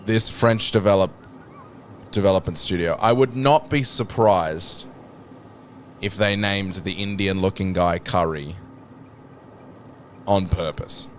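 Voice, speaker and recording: A man's voice: sits low, slow pace, pauses often, slight background noise. A British man streaming a game, chatting casually, swearing and joking as he reads chat aloud. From Britain. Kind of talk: casual gaming commentary. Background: background music.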